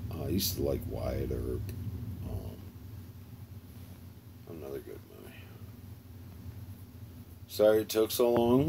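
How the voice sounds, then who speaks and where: Older male streamer, deep and slow, rambling and chuckly; faint noise in the room. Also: darkish tone. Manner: rambling, laughs often, talks to chat by name. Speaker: livestream host. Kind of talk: casual chat with viewers.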